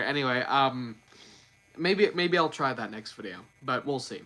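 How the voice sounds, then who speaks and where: A man's voice: mid-range voice, brisk, sharp tone. A man chatting casually on a livestream, rambling and correcting himself with lots of fillers. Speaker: streamer.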